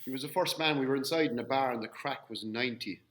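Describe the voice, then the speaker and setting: A middle-aged man hosts a podcast and tells lively anecdotes in casual chat, acting out the lines he quotes. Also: mid-range voice, fast talker. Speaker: podcast host, former player.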